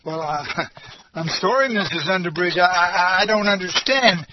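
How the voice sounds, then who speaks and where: A man pastor preaching a storytelling sermon in a folksy, halting way, full of fillers and repeats. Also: sits high, muffled recording, noisy background.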